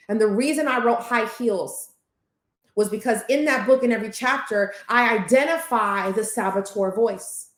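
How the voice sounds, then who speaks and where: A woman life coach leading a group coaching masterclass in a lively, conversational way, acting out inner voices. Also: fairly high pitch, roomy sound.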